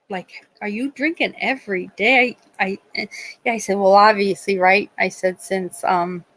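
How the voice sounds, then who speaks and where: A middle-aged woman who works as a nurse, hosting a live stream and telling stories in casual chat, animated and acting out the voices of people she quotes. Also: mid-range voice, poor audio. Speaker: livestream host.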